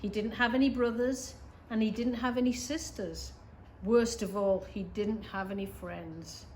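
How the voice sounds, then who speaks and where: A middle-aged woman reading a picture book aloud to children, expressive, with gasps and asides to her young listeners. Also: mid-range voice, a little slow, slight background noise. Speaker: reader for schoolchildren.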